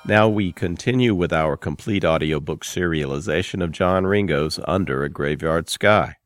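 A man announcing in a smooth, scripted promotional delivery. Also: sits low, normal speed, faint music behind.

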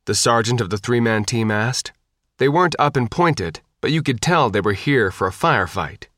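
A man reading an audiobook with steady, scripted narration. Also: mid-range voice, normal speed, no room sound, clean studio sound.

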